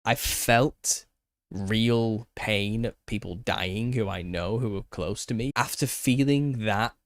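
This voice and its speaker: A man's voice: lowish voice, slow pace, no echo. A man in his thirties, a content creator, ranting passionately on camera, often repeating and restarting himself as he gets riled up. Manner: impassioned, repetitive, restarts when riled. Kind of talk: opinionated solo rant.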